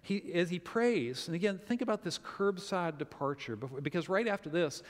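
A middle-aged man preaching a sermon, telling a family story in an animated way and acting out the quotes. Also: sits high, moderate pace. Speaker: pastor. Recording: long hall reverb.

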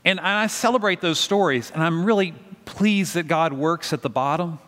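A man's voice: on the high side, moderate pace, fairly bright tone, big-room sound. A middle-aged male pastor preaching a sermon in a conversational, storytelling way, often asking the congregation questions.

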